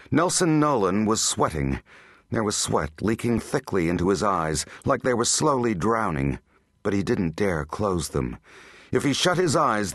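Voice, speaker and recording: A man's voice: lowish voice, no echo, clean studio sound. A man narrating an audiobook in a dramatic, tense storytelling manner. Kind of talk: scripted narration.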